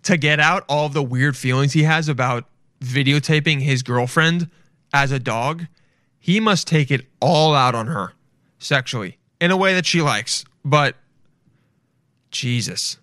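A man's voice: a little high, measured pace, bright, forceful tone, dry recording, clean studio sound. Blunt, foul-mouthed young man reacting. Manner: crude, blunt, swears freely. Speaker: streamer reacting to videos. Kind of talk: casual reaction commentary.

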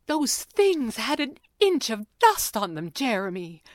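A woman's voice: fairly high pitch, sing-song, a little slow, no echo, studio quality, pitched above the performer's own voice. A woman voicing an upset mother who quavers as she tries to hold back tears. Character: tearful mother defending her choice.

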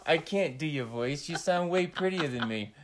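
A man's voice: on the high side, animated, moderate pace, crowd noise. A man co-hosting a casual podcast chat, loose and laid-back, with a lot of swearing. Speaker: podcast co-host.

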